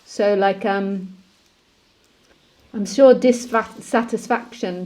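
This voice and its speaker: A woman, a spiritual teacher, speaking calmly and repetitively in a live-streamed session and laughing easily. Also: medium pitch, a little slow.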